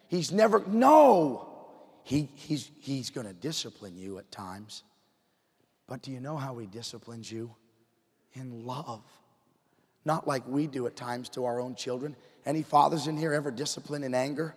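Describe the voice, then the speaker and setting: A man preaching a sermon to his congregation in church, dropping to a hush and then rising to fired-up emphasis. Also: mid-range voice, lively intonation, normal speed, husky, a faint crowd. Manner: swings from hushed to fired-up emphasis. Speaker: pastor. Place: church sanctuary. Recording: long hall reverb.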